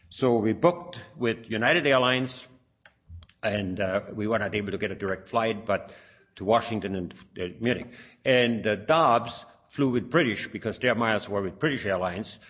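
A man's voice: fairly low pitch, fairly bright tone. An older man telling a long personal testimony, rambling with fillers and restarts. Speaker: speaker sharing a personal testimony. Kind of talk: anecdotal storytelling. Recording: dull lo-fi recording.

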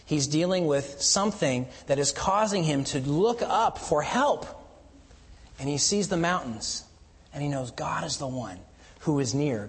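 A man's voice: a little high, husky. A man preaching a sermon, explaining scripture earnestly and building to emphatic peaks. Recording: long hall reverb.

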